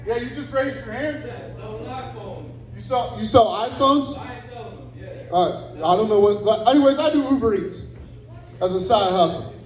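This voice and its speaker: A man's voice: high voice, expressive, normal speed, pauses often. A young man doing a crude stand-up set at a club on a handheld mic, rambling and profane, with asides to the crowd. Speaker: stand-up comedian. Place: comedy club stage. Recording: roomy club echo.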